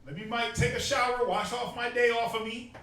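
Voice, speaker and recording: A young man street teaching to a group, animated and joking, often mimicking people. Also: very high voice, fairly quick. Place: outdoors in a city. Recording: very echoey, distant from mic.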